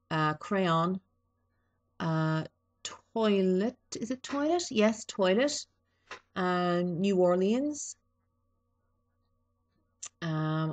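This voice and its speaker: A woman with an East Coast Irish accent from Dublin, chatting casually and reading a word list with dry humour and frequent ums. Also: lowish voice. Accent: Irish, East Coast (Dublin area). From Ireland (Dublin). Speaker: vlogger.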